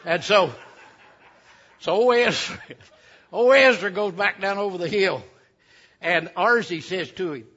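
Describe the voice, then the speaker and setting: A man's voice: high voice, expressive, a little slow, pauses often, fairly bright tone, husky. A man telling a folksy tale to a live audience, with chatty asides. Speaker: storyteller. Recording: dull lo-fi recording.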